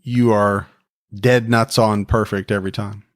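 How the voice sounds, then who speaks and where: A man's voice: lowish voice, little pitch movement, unhurried, no echo. Bantering male podcast co-host, dry sound. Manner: joking, self-deprecating banter. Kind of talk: casual chat.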